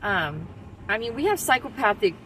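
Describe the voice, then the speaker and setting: A woman's voice: mid-range voice, moderate pace, poor audio. A woman in Texas ranting in a rambling, heated, profane way in casual talk. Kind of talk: casual political rant. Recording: steady background noise.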